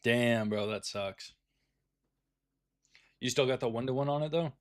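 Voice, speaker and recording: A man's voice: medium pitch, measured pace, no room sound. A man giving casual live commentary on his day trades, laid-back and swearing freely as he talks with fellow traders.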